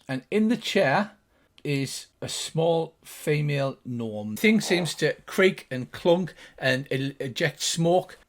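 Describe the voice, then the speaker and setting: An older man narrating as game master of a tabletop game, describing scenes in a relaxed storytelling way. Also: a little high, slow.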